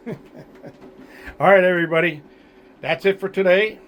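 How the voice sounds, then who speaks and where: A man vlogging a blunt, aggravated rant, talking to his viewers with many fillers and pauses. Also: high-pitched, steady tone, lo-fi sound, a little hiss or hum. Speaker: homesteading vlogger. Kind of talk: frustrated to-camera vlog rant.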